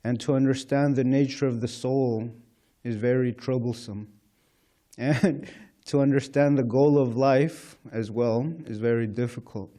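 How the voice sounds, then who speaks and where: Mellow-voiced man giving a temple class. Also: medium pitch, steady tone, unhurried. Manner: conversational, frequent "you know" fillers, chuckles often. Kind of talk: informal scripture class talk. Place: temple lecture hall.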